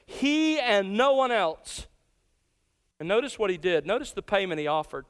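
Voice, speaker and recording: A man delivers a sermon in a high-pitched, smooth and resonant voice. He speaks deliberately and slows down to weigh each key word. His voice carries a long reverb from a large hall. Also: fairly bright tone. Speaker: preacher. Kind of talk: expository sermon.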